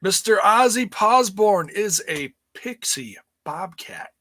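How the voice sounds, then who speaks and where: A man's voice: high-pitched, lively intonation, slow pace, bright, forceful tone, dry recording. A man co-hosting a wrestling review podcast, chatty and rambling, laughing often. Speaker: podcast co-host. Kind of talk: casual wrestling review chat.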